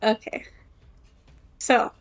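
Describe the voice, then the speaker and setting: A woman playing a tabletop game, talking in a hesitant way. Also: soft background music. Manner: hesitant, unhurried. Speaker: player.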